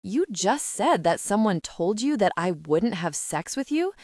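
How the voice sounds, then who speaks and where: A woman's voice: medium pitch, sing-song, unhurried, a little mellow, no room sound, clean studio sound. A woman voicing a hurt young woman who accuses her boyfriend, tearful and upset.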